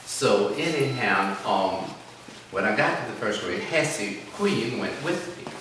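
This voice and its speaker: A man's voice: on the low side, expressive, measured pace. An older man from telling rambling, folksy stories about his childhood. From South Carolina, US. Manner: rambling, folksy, self-deprecating. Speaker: oral history interviewee. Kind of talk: reminiscing storytelling. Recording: echoey room, distant mic, noisy background.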